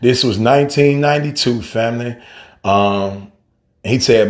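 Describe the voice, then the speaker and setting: A man's voice: mid-range voice, unhurried. A middle-aged man giving a heartfelt spoken tribute in a casual, slangy way, calling the listener family and man. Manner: animated storyteller, softens when grieving. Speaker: guest speaker.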